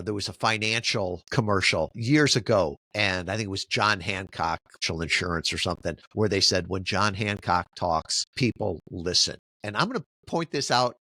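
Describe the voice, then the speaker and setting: A middle-aged man answering interview questions in a lively, storytelling way, often checking in with "right?". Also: fairly low pitch, no room sound, clean studio sound. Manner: animated storyteller who keeps asking "right?". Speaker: podcast guest, marketing company founder.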